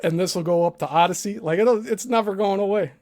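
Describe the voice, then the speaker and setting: A man's voice: high voice, fast talker, noisy background. A man hosting a live stream, commenting on a clip in a crude, mocking, profane way. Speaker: show host.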